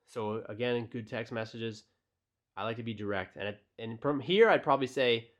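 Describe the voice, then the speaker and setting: At a moderate pace and in a mid-range voice, a young man offers casual dating tutorials. He reads text messages aloud, sounding relaxed and direct and using lots of fillers.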